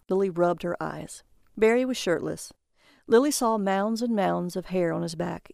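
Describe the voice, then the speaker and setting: A woman's voice: on the low side, vocal fry, a little mellow, dry recording. A woman reading a comic short story aloud as narrator, in a dry, matter-of-fact manner.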